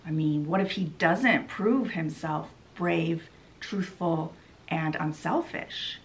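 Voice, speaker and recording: Sly female fairy rival, drawn-out taunting reads; played by a woman narrator. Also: low-pitched.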